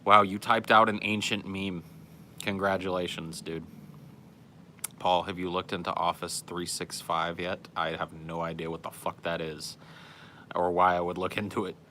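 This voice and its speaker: A man hosts a podcast in offhand, sarcastic casual chat, reading out listener comments and swearing freely. His voice sits on the low side but comes across bright and forceful. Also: little pitch movement, moderate pace, a little hiss or hum.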